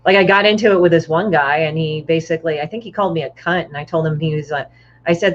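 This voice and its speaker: A woman guest, a comic artist, chats on a casual podcast with a low, fast voice, telling stories bluntly and profanely while acting out other people's lines. The audio is dull, muffled and lo-fi.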